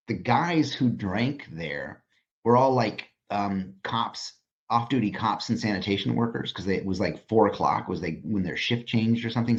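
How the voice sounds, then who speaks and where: A man who is a designer and author, talking as a podcast guest. He tells stories in an animated way and swears freely. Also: fairly low pitch. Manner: animated, profane storyteller. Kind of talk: casual podcast conversation. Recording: slightly dull lo-fi audio.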